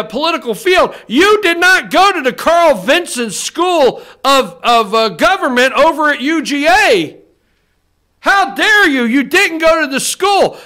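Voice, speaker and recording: Man, heated political rant, very high voice, talks straight to the viewer, swears a lot. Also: sharp tone. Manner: heated, swearing, repetitive, addresses viewers directly. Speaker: political talk show host. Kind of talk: fired-up political rant to camera. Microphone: studio camera.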